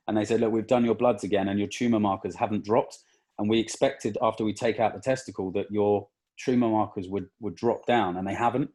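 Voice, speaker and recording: Low-voiced young man, halting and emotional. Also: fairly even intonation, a little mellow. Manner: halting, with many restarts and fillers, emotional. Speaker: podcast guest. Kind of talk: emotional personal story in casual conversation.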